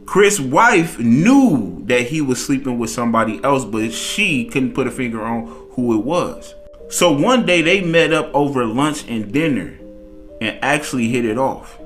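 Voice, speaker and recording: A man spins a messy cheating tale in an easygoing spoken style, putting a bit of drama into the quoted lines. His voice sits in a middle register. Quiet music plays underneath. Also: mid-range voice, expressive, measured pace. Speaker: storyteller. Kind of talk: casual spoken storytelling.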